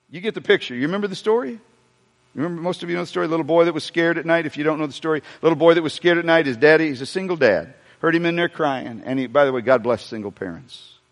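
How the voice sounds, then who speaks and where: A man preaching a sermon to a congregation, joking and asking the room questions as he goes. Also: a little high. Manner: animated preaching with humor and asides to the congregation. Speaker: pastor. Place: church sanctuary before a congregation. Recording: long hall reverb.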